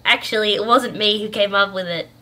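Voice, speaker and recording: A woman voicing a cheeky, excitable young woman who talks in a high, smug voice. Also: a little fast, lightly acted.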